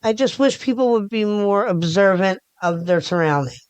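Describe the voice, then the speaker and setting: A woman's voice: medium pitch, lively intonation, moderate pace, clean tone, no echo. A middle-aged woman from the Philadelphia area, a podcast guest chatting casually in a rambling way with many restarts. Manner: rambling, restarts often, talks with her hands. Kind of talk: casual interview chat.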